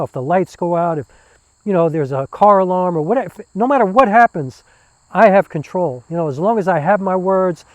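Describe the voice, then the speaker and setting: A former musician turned theater performer chats casually in an interview, enthusiastic and full of filler words. His voice sits high, with no room sound, on a low-quality recording.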